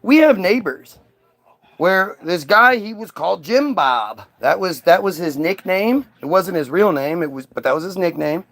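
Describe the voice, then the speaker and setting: A man with a notably high voice for a man holds forth as a podcast host. His talk is loose and rambling, peppered with profanity and heavy emphasis. He sounds middle-aged and keeps pressing his point. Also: animated, moderate pace, gravelly, fairly bright tone. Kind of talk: casual chat.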